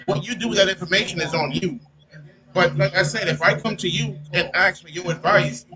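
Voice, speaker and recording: A man in casual podcast talk who explains his view at length in a steady way. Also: high voice, low-quality recording.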